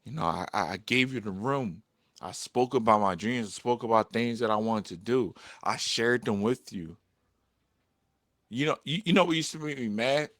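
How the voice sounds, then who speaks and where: A young man talking candidly to camera in a personal vlog, frank and profane, getting animated when he vents. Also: medium pitch, normal speed, no echo, clean studio sound. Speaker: vlogger.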